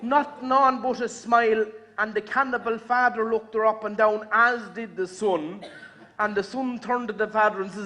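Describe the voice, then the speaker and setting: Irish guy spinning yarns on a video call, high bright voice. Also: fairly even intonation, moderate pace. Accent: Irish Midlands. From Ireland. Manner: folksy yarn-spinning, chuckling at his own punchlines. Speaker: amateur comedian. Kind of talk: storytelling jokes.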